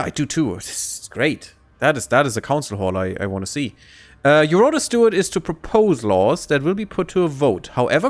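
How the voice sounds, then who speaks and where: Lively, chatty male game streamer. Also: mid-range voice. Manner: chatty, laughs often, reads game text aloud. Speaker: gaming streamer. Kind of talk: casual let's-play commentary.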